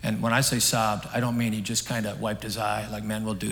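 A man preaching a sermon on a stage, telling a story in an earnest, conversational way that swings between emphatic and hushed. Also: lowish voice, little pitch movement, a little fast, a little hiss or hum. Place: stage in a large hall. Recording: long hall reverb.

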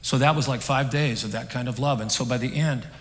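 Guy preaching a sermon, earnest and chatty, gets loud then goes quiet, big echoey hall. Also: mid-range voice, fairly quick. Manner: earnest, conversational storytelling, swinging between emphatic and hushed. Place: stage in a large hall. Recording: long hall reverb.

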